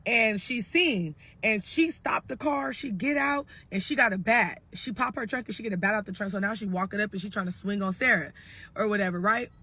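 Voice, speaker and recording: A woman telling a story in a casual, animated, slangy way, cursing freely. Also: mid-range voice, a little fast, husky. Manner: animated, slangy, profane gossip.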